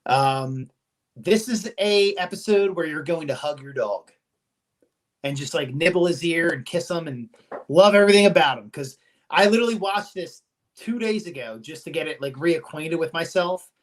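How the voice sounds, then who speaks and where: A man with a slightly high voice retells a story in loose, casual chat. He swears constantly and keeps an animated, storytelling drive as he goes. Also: normal speed. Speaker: podcast host.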